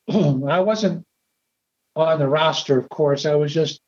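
An older man being interviewed, telling a story in a halting, rambling way with repeated words. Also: on the high side, a little mellow. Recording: dull lo-fi recording.

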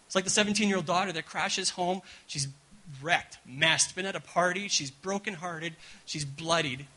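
A man preaching a sermon at a church gathering, talking in an animated way and stumbling over repeated words. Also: sits high, moderate pace, poor audio. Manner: animated, repeats words, keeps asking "right?". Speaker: guest pastor.

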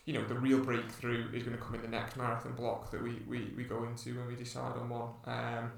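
A man's voice: medium pitch, monotone, a little fast, creaky. A man, a podcast co-host and runner, telling a rambling story in casual chat with many restarts. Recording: echoey room, distant mic.

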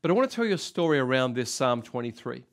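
A man in his sixties with an Australian accent preaching a sermon, emphatic and repetitive, swinging between loud and soft. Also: medium pitch, very animated, fast. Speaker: pastor.

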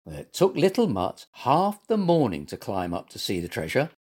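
A man reading a children's story aloud as its storyteller, gentle and expressive. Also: medium pitch, moderate pace, breathy edge.

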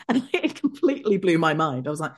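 A middle-aged woman, an executive coach telling stories from her career as a podcast guest, animated and quick to act out remembered conversations. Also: deep voice. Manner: lively, acts out remembered dialogue. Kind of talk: podcast interview storytelling.

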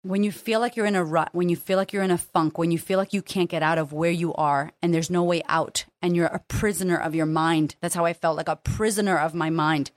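Lower-voiced woman, frank podcast confessional. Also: fairly even intonation, brisk, hardly any pauses, dry recording. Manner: frank, emotional, swears freely. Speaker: podcast host and confidence coach. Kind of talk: candid solo podcast monologue.

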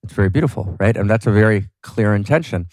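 A man with a lowish, darkish voice talks fast and animatedly as a podcast guest in a passionate philosophical discussion. He's fervent and emphatic, often checking in with "right?", and there's no echo.

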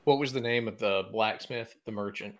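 A man playing a tabletop game, describing his actions in eager, animated casual chat. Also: lowish voice, moderate pace. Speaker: player.

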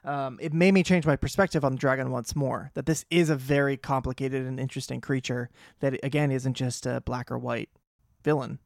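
A man co-hosting a podcast, recapping a show in casual, chatty talk with quick asides. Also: medium pitch, steady tone, vocal fry, dry recording, studio quality. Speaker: podcast co-host.

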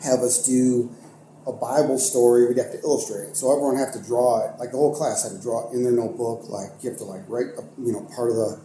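A man's voice: mid-range voice, quick pace. A young man from Ohio, an art teacher and coach, telling stories in a casual podcast interview, rambling with many fillers and restarts. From Ohio, United States. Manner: rambling, animated, many fillers and self-corrections. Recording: echoey room with faint noise.

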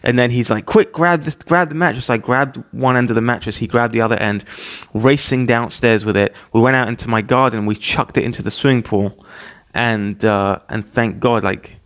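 A man in his thirties hosting a podcast, telling a personal story in a casual, animated way with many restarts and fillers. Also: mid-range voice, moderate pace. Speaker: podcast host.

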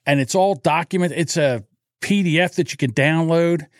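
A man co-hosting a podcast, telling animated stories in casual chat and acting out the people in them. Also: a little high, normal speed, no room sound, clean studio sound. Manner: animated storyteller, acts out voices in anecdotes. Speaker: podcast co-host. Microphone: studio mic through a mixer.

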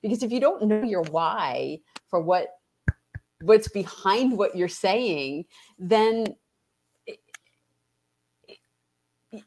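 A woman's voice: medium pitch, expressive, a little mellow. A woman coach being interviewed, speaking reflectively, restarting her sentences and acting out conversations with clients. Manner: reflective, halting with restarts, acts out client dialogue. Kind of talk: casual interview chat.

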